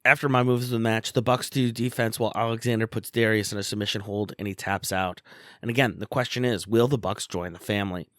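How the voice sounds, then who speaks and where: A man co-hosting a podcast, giving a brisk play-by-play recap of matches with small fillers. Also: fairly low pitch, steady tone, a bit bright, dry recording, studio quality. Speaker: podcast co-host.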